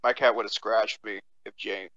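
A man's voice: fairly low pitch, steady tone, normal speed, a bit bright, no echo, muffled recording. Man, podcast co-host, rambling, eager, dry close mic. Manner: rambling, eager to share odd facts. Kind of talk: casual crude banter.

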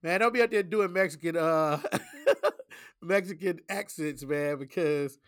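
A man hosting a podcast in relaxed casual chat, laughing often and using easygoing slang. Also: fairly high pitch, unhurried, no echo, studio quality. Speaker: podcast host.

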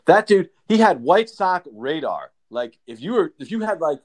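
A man co-hosting a veterans' podcast, telling stories in an animated, swearing way. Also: fairly high pitch. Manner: animated, swearing, quick to react. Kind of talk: casual storytelling chat.

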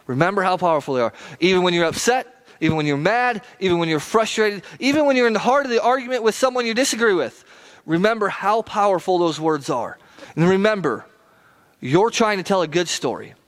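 A man preaching a sermon as pastor, earnest and repetitive, with quick runs of phrases and slow, emphatic beats. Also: high voice, lively intonation.

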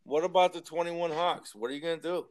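A man's voice: quick pace, a crowd in the background. Swearing man telling a casual story. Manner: profane, animated, mimics others with sharp jumps in pitch.

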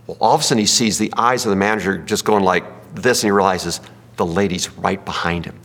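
A man's voice: fairly low pitch, fast talker, a bit bright. A man preaching a sermon in a folksy, joking way, telling stories and asking his listeners questions. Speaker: pastor. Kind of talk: sermon with jokes and audience questions. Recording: long hall reverb.

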